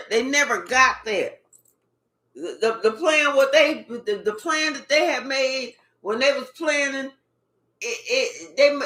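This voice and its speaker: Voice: medium pitch, pushed and bright. A spiritual reader giving a casual reading in a blunt, profane, repetitive way. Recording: echoey room.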